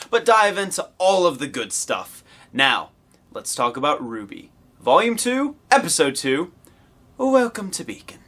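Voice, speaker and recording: Excitable male host with a lively voice. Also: on the high side. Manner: excitable, shouts and cheers in bursts, rambling asides. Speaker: host of a review show. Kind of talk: excited casual review commentary.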